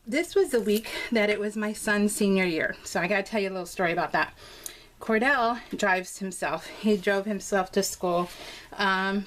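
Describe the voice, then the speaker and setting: A woman in her forties chatting casually while crafting, telling a story with lots of fillers and laughs. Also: medium pitch. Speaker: scrapbooking vlogger.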